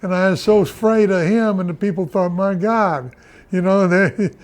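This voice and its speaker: Older former wrestler, rambling anecdotal interview, slightly high voice. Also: male voice, moderate pace. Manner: rambling, laughing often, many fillers. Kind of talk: storytelling interview.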